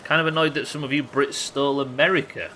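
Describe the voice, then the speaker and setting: A man's voice: mid-range voice, fairly even intonation, fast talker, bright, forceful tone, slight background noise. A man with a Yorkshire accent, chatting casually and swearing freely while streaming a game to his viewers. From Yorkshire, England. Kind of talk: casual live-stream gameplay chat.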